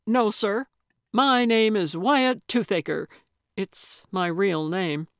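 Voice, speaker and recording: A woman's voice: medium pitch, slow, no room sound, studio quality. A woman voicing an eager young man in Western garb who greets visitors with forced, salesy cheer. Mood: exuberant. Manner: overly exuberant, salesy cheer. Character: eager young male theme park host.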